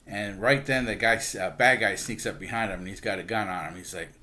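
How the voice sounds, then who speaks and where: Here the book reviewer's voice is lowish, bright and forceful, moving at normal speed with hardly any pauses. He casually narrates a comic book story, performing the characters' lines with lots of "he's like" and the odd chuckle.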